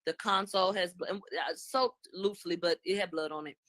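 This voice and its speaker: A woman's voice: fairly low pitch, brisk, fairly bright tone. A woman commentator in a casual spoken recap, retelling questions and answers one after another. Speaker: commentator recapping court testimony.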